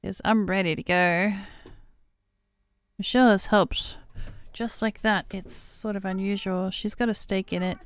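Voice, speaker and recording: A woman's voice: medium pitch, steady tone, unhurried, pauses often, smooth, no echo. A woman gaming streamer playing through a story game, reading the dialogue aloud and reacting casually between lines.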